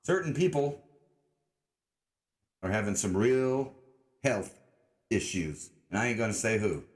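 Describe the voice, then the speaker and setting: A man's voice: fairly low pitch, expressive, unhurried. Rambling, sarcastic livestream guy. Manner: rambling, sarcastic, swears a lot, mock-redneck drawl. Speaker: livestream host. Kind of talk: casual livestream commentary.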